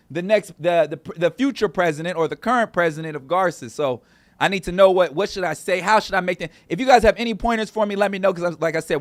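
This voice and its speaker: A man's voice: sits high, no echo. A man hosting a casual livestream show from a small studio, rambling and talking straight to the viewers in the chat. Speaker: show host.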